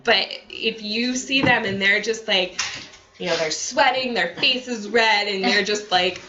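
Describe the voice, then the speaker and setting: A woman training therapists in a relaxed, conversational way, full of fillers and acted-out examples. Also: mid-range voice, a little slow. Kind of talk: staff training talk. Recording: dull lo-fi audio.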